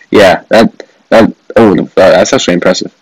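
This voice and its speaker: A man's voice: low-pitched, steady tone, unhurried, slightly rough, dry recording, rough recording. A man hosting a gaming video, commenting with sarcastic jokes and frequent laughter while he plays a mobile game. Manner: joking, sarcastic, swears, laughs often.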